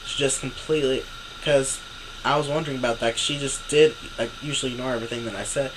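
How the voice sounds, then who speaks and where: A man's voice: medium pitch, brisk, noisy background. A young man vlogging an exasperated, profane story, acting out what others said. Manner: exasperated, swearing, acts out quotes. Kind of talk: ranting story to camera.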